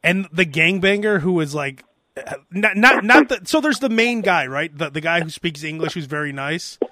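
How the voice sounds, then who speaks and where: A man hosting a podcast, telling animated comic stories in casual chat. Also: fairly high pitch, normal speed, no room sound, clean studio sound. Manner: animated storytelling, mimics voices. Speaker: podcast host.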